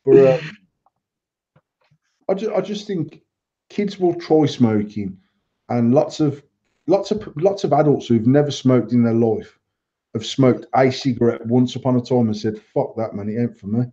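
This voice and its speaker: A man's voice: mid-range voice, unhurried, long pauses, warm tone. A middle-aged man, co-hosting a podcast in blunt, sweary, rambling banter. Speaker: podcast co-host, vape shop owner. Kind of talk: casual banter. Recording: dull lo-fi sound.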